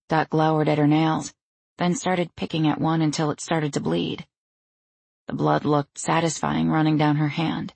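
A woman reading fiction aloud in a steady, measured way. Her voice is low with a husky grain. The recording is dry and close, with no room echo. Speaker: audiobook narrator. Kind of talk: scripted narration.

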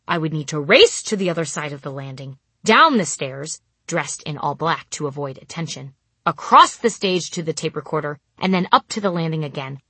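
A woman's voice: deep voice, fairly bright tone, husky, no room sound. A woman narrating a funny first-person memoir with wry, dry comic timing.

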